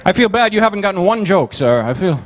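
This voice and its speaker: Man, stand-up comic, high voice, rapid-fire one-liners, teases the crowd, banquet hall emcee. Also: very animated. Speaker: comedian and emcee at a gala dinner. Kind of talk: stand-up joke routine.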